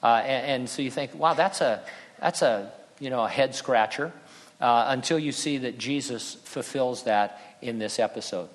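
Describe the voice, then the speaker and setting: A male pastor working verse by verse through a sermon, conversational in tone and slipping into dry sarcasm now and then. His middle-pitched voice carries a long reverb, as if it were heard in a church sanctuary. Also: normal speed. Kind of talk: expository sermon.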